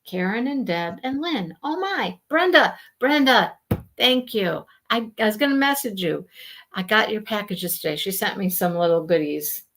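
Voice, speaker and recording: A woman hosting a casual live stream, chatting with viewers and telling stories in an animated way. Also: medium pitch, normal speed. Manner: chatty, animated storytelling, greets viewers by name. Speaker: livestream host.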